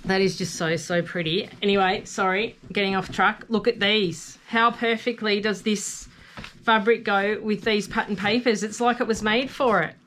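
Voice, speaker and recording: A woman's voice: medium pitch, moderate pace, slight background noise. Gushing woman showing off a craft haul. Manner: gushing, excitable, gasps and coos over paper. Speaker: craft vlogger. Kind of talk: casual haul video.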